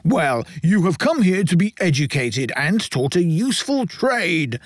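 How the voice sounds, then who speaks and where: A man reading aloud and voicing a pompous, fat, red-faced gentleman who chairs a board and questions a boy in a lofty manner. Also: high-pitched, big pitch swings, measured pace, no room sound, clean studio sound, voice pushed up, exaggerated voice.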